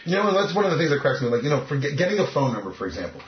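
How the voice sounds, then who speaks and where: A man's voice: a little high, big pitch swings, racing. A man talking as a dating coach in an interview, cocky and emphatic. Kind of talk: casual interview talk. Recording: echoey, muffled lo-fi recording.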